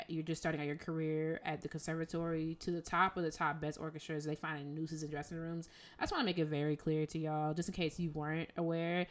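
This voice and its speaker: A woman co-hosting a podcast, ranting emphatically and exasperatedly in casual speech. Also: sits low. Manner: exasperated, emphatic, conversational slang. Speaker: podcast co-host.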